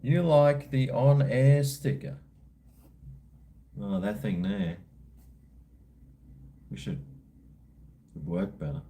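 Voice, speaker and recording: Aussie man, mellow tone, rambling livestream host chatting with viewers. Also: on the low side, animated, extremely slow, long pauses. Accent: Australian. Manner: rambling, laid-back, slangy. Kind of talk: casual chat answering viewers live.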